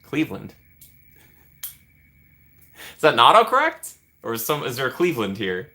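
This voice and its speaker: Young Midwestern American male streamer, playful and chatty, bright tone with a very animated pitch. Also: normal speed. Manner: playful, chatty, reads and answers chat. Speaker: livestream host. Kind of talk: casual chat with live viewers.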